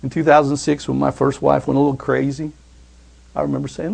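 Gravelly preacher man, fervent sermon. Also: a little high, fairly even intonation, quick pace. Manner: preaching storyteller, often calling out amen; swings between loud fervor and hushed softness. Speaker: pastor.

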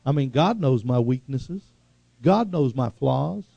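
A man preaching a sermon, swinging from loud, high exhortation to hushed, slow earnestness. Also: lively intonation, creaky, no echo, dull audio.

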